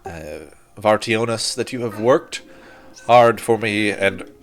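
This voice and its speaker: A man voicing a formal, courteous wealthy male employer in a tabletop game, speaking in slow, measured, polite phrases. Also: on the low side, soft background music.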